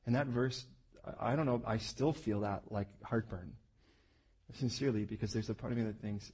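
A man preaching a sermon, telling the scripture story with animated asides and playful acted-out voices. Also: mid-range voice, fast, gravelly, breathy edge.

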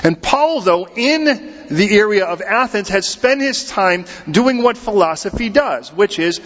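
A man's voice: high voice, measured pace. Middle-aged male pastor preaching in a reverberant hall. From United States. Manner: animated, conversational preaching with acted-out quotes. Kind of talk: sermon. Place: church sanctuary. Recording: muffled sound in a large reverberant hall.

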